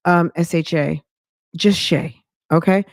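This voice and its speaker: A woman podcast host with a Southern US accent giving casual commentary on celebrity news, animated and indignant, swearing freely. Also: lowish voice, slow pace, no room sound, studio quality. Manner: animated, indignant, profane ranting.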